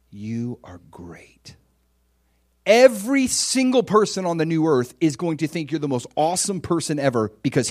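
A man delivers a sermon in a conversational, animated way at a middle pitch. His voice jumps from loud exclamations down to hushed, near-whispered lines. He acts out the voices of the people he quotes. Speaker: pastor.

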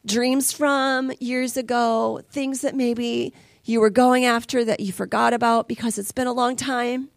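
A woman's voice: a little high, steady tone, unhurried, creaky, no room sound. A woman preaching a sermon as a conversational, emotional testimony, dropping at times to near whispers.

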